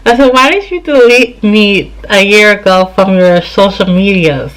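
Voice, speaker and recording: A woman's voice: medium pitch, unhurried, poor audio. A tired woman in her thirties telling a personal story to camera in a chatty way, acting out both sides of old conversations. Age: 30s. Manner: chatty, retells scenes with quoted dialogue. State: tired, yawning. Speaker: vlogger. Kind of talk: casual storytime.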